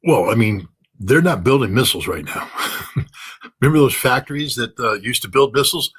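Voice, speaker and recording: Husky, blunt-talking male analyst. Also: medium pitch, animated, fairly quick, a bit bright. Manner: blunt, sarcastic, jokey. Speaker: guest analyst. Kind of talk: animated interview commentary.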